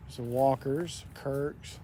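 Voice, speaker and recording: A man hosting a paranormal vlog, talking softly and reverently as he walks outdoors. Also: medium pitch, fairly even intonation, takes it slowly. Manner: soft-spoken, reverent, reads names aloud. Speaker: paranormal investigator host. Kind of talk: casual walking vlog narration. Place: outdoor cemetery. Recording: faint outdoor noise.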